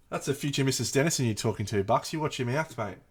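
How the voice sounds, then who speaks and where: An Australian man teasing his friend in relaxed, matey banter. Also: mid-range voice, quick pace, crowd noise. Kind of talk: casual chat.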